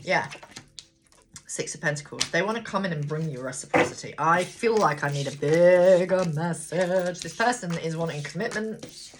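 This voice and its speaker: A woman's voice: lowish voice, normal speed, noisy background. A woman giving a casual tarot card reading, thinking aloud, talking straight to viewers and swearing freely. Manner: chatty, blunt, swears freely. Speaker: tarot reader.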